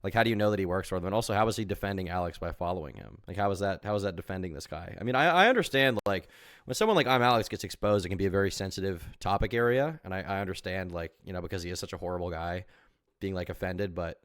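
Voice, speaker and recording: A man's voice: deep voice, quick pace, fairly bright tone, no echo, clean studio sound. A man streaming live and reacting to a video, talking casually in a rambling, argumentative way full of fillers.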